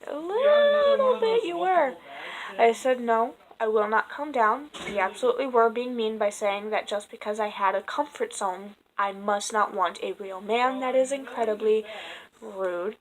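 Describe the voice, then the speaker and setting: A woman's voice: medium pitch, steady tone, normal speed, poor audio. A woman in her twenties reading dating app messages aloud in a casual vlog, exasperated and sarcastic, and she swears freely. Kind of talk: casual storytelling. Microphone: phone.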